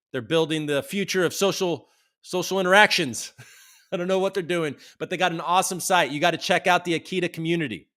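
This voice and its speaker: Slightly high and a touch bright, the voice belongs to a livestream host who chats in a loose way. He reads out viewers' comments as they come through and lets a swear slip from time to time.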